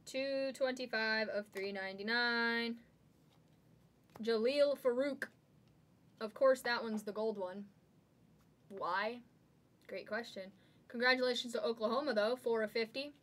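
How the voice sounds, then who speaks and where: Woman, card break host, bright tone, excitable, rattling off card names. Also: on the high side. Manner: excitable, calls out cards rapidly. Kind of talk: live card-breaking stream.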